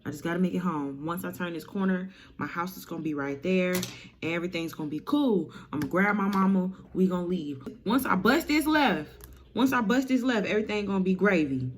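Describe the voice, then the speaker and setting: A woman's voice: lowish voice, fast, a little mellow, lightly acted. A woman voicing a panicked teenage boy. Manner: frantic, slangy, repeats himself.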